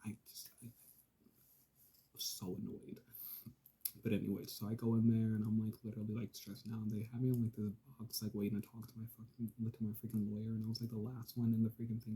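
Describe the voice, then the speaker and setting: A man vlogger telling a casual, profane story, swinging from loud exasperated outbursts to hushed asides. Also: lowish voice, husky.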